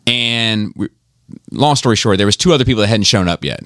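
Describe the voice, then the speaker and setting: A man with a low, lively voice rambles through a profane anecdote on a podcast. His delivery is loose and animated, with plenty of ums and you-knows. The sound is close and dry. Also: a little fast, dry recording. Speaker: podcast co-host. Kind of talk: casual chat.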